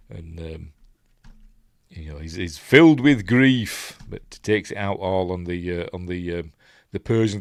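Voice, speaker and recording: A man's voice: sits low, measured pace, dry recording, clean studio sound. A man with a Yorkshire accent, hosting a casual film breakdown and reading out live chat in a chatty, rambling way that often loses its place. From Yorkshire, England. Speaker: host, film reviewer.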